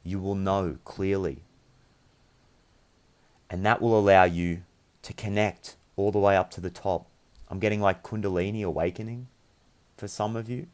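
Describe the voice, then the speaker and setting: A young man with a somewhat low-pitched voice reads tarot cards for his viewers. He talks in an earnest, meandering manner, offering encouragement and spiritual reassurance. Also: darkish tone. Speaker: tarot reader.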